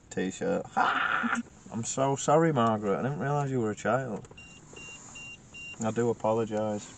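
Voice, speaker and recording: A man's voice: on the low side, vocal fry. A man, a paranormal investigator who chats casually, jokes and laughs often while he asks the spirits direct questions. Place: inside a car at night. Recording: noisy field recording.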